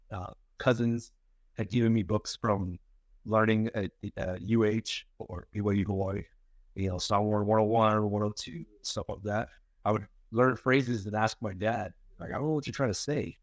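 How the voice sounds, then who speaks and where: A man's voice: fairly low pitch, no echo. A man co-hosting a podcast, chatting casually and telling family stories with rambling restarts and easy laughter. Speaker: podcast co-host. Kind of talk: casual chat.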